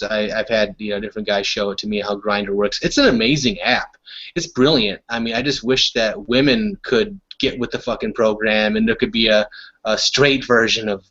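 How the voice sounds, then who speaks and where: A young man tells a rambling story as a guest on a casual podcast, stumbling over his words and starting sentences over and over. His voice sits at an ordinary middle pitch. The recording is dull and lo-fi. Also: fairly bright tone. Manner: rambling storyteller with many restarts. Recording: dull lo-fi audio.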